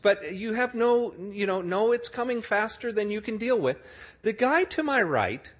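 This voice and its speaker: Male preacher, middle-aged, storytelling sermon; expressive pitch, slightly breathy voice. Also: normal speed. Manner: animated storyteller, acts out the people he describes. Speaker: speaker telling a story to an audience.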